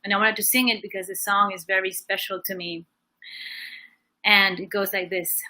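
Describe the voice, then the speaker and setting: A woman's voice: medium pitch, fairly even intonation, normal speed, bright, forceful tone, low-quality recording. A woman hosting a casual livestream, a singer and coach telling stories fluently with occasional fillers.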